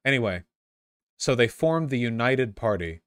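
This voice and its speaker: A man's voice: mid-range voice, expressive, normal speed, fairly bright tone, clean tone, no room sound, clean studio sound. A man reading a history text aloud and breaking off into casual, sarcastic asides, often stumbling and repeating words.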